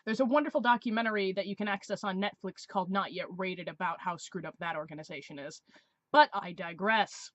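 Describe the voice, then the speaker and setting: A woman's voice: medium pitch, brisk, fairly bright tone, no room sound, lo-fi sound. A woman in her twenties, a vlogger telling a story in a sarcastic, exasperated way. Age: 20s. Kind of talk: casual storytelling review.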